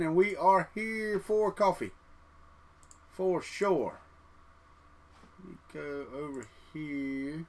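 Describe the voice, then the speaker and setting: A man's voice: on the high side, measured pace, pauses often. A man, hosting a casual livestream from his trailer home and chatting folksily with viewers. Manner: folksy, talks straight to chat. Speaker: 3D printing livestream host.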